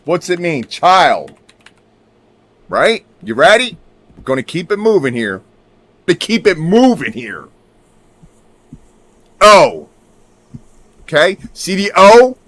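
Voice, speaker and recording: A man's voice: sits high, big pitch swings, slow, long pauses, fairly bright tone, no room sound. A man giving casual commentary while showing his screen; he talks emphatically, swears now and then, and keeps checking in with his viewers. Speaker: video creator.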